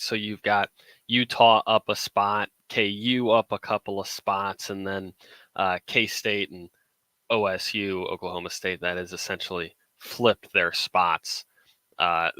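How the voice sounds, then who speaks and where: A man's voice: lowish voice, sharp tone, dry recording. A man co-hosting a morning sports radio show from a studio, with wry, teasing banter. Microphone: studio microphone.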